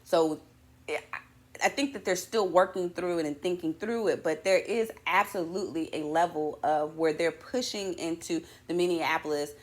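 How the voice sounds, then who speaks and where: Lively, chatty woman hosting a morning show. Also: fairly low pitch, normal speed. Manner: animated, chatty and slangy, with playful asides. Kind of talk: casual morning show monologue.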